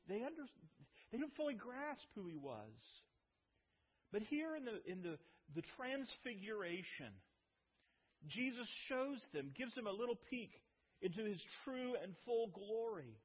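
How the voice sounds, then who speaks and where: A man preaching a sermon as a pastor, emphatic, with dramatic pauses and repeated phrases. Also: high-pitched, slightly rough. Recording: phone-like sound with long hall reverb.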